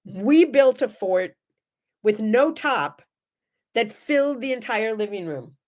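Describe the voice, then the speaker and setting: Middle-aged woman host, lively and chatty, fairly high pitch, talks straight to viewers. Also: takes it slowly. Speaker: morning show host. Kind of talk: casual chat and storytelling.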